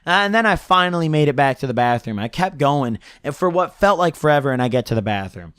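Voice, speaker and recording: A man's voice: on the high side, animated, brisk, a bit bright, smooth, dry recording, clean studio sound. A young man telling a long story to the camera, casual and slangy, rambling with constant filler words, his throat a bit scratchy. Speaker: storyteller vlogger.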